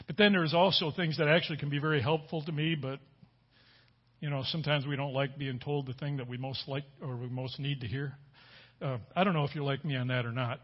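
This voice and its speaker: Halting middle-aged preacher, dull audio. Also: male voice, on the high side. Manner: halting, many fillers and restarts, slows to quote scripture emphatically. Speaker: pastor. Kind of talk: sermon.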